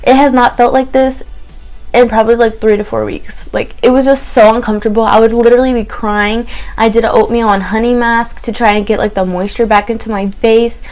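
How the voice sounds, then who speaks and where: A woman's voice: on the high side, a little fast, soft background music. A young woman chatting to camera in a candid story-time vlog, swearing freely and acting out her own reactions. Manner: chatty, candid, swears freely, quotes herself in lively asides. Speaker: beauty vlogger.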